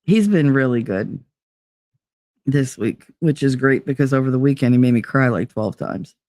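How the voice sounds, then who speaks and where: Sick with a cold, a middle-aged livestream host chats casually with her viewers in a rumbling low voice at a moderate pace. Her blunt, profane stories come across animated, recorded at studio quality with no echo.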